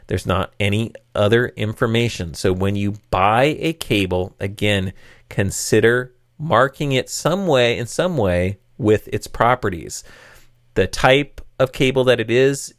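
A man's voice: mid-range voice, no room sound, clean studio sound. A man hosting a tech talk show, explaining cables conversationally with wry, sarcastic asides and frequent fillers.

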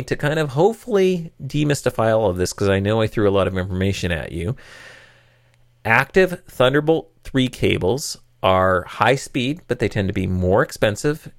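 Tech-show host, male, slightly low voice, dry close sound; chatty explainer with sarcastic asides. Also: no echo. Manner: conversational, wry and sarcastic asides, frequent fillers.

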